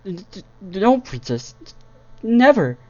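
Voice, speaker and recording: A man's voice: fairly high pitch, moderate pace, warm tone, pitched above the performer's own voice, lightly acted. A man voicing a nervous, apologetic young mare, recorded on a dull lo-fi setup. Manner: timid and apologetic.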